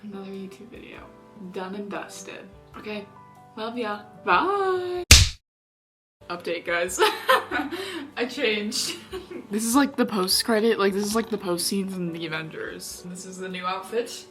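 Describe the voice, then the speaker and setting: A woman's voice: medium pitch, animated, unhurried, music in the background. A young woman chatting casually to camera as she gets ready, giggly and rambling with lots of filler words. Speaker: vlogger. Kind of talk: casual get-ready-with-me chat.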